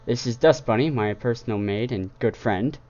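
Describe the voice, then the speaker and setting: A man's voice: medium pitch, moderate pace, darkish tone. Man narrating a story on a dull mic. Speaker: fan fiction reader. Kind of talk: first-person story narration.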